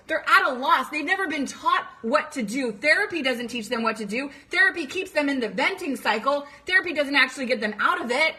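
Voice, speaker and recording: High, bright-voiced woman coaching parents. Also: animated, brisk, hardly any pauses. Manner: earnest, emphatic, acts out panicked voices. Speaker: coach for teenage girls. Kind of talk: direct-to-camera talk to parents.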